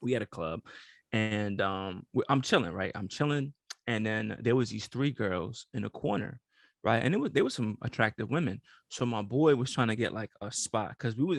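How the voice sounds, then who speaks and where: A man's voice: on the low side, dry recording, studio quality. A young man co-hosting a podcast, telling stories in casual slang-filled chat and laughing often. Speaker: podcast co-host.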